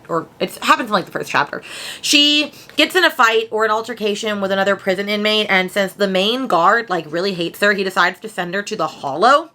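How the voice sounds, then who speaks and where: A woman's voice: mid-range voice, sharp tone. A woman, chatting casually at home in a book vlog, rambling and full of slang. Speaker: book vlogger.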